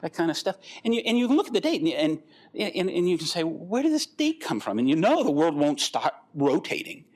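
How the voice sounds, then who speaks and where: Animated older man giving a talk. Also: on the high side, quick pace. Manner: animated, rambling storyteller acting out quoted voices. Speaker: guest speaker. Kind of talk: conference talk.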